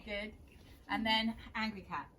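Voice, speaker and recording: Gentle woman leading kids' yoga. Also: medium pitch, steady tone, measured pace, slight background noise. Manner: gentle, encouraging, instructive. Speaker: kids yoga teacher. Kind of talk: guiding a children's yoga class.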